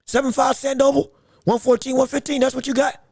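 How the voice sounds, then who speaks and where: Male livestream host with a very high, dry, close-miked voice. Excitable fight commentator who repeats himself and shouts at big moments. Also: brisk, no echo. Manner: greets viewers from the live chat. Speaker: podcast host reacting to a boxing decision on a livestream. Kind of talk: live fight commentary and chat.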